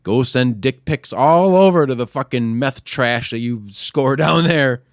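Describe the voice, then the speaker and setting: A man hosting a podcast, ranting casually and crudely, often pushing his voice louder and higher when worked up. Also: unhurried, no room sound, clean studio sound. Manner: profane, crude trolling rant. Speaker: podcast host. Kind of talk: casual solo rant.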